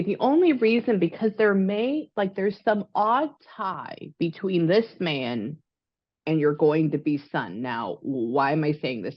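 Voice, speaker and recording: A woman working as a psychic medium, talking casually and excitedly over a call, rambling with lots of fillers. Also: sits low, dry recording, dull audio.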